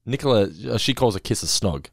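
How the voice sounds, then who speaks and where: A man's voice: fairly low pitch, animated, brisk, no echo, clean studio sound. A man co-hosting a casual episode-review podcast, recapping scenes and acting out quoted lines. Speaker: podcast co-host.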